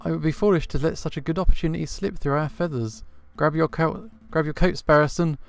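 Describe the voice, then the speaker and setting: A man doing a formal bird lawyer, measured, wry, smooth clear voice. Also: on the high side, fairly even intonation.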